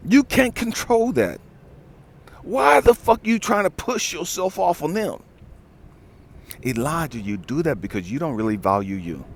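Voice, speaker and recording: A man coaching and ranting outdoors in the wind, telling a story in a blunt, profane, preachy way. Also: medium pitch. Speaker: life coach. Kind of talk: motivational rant.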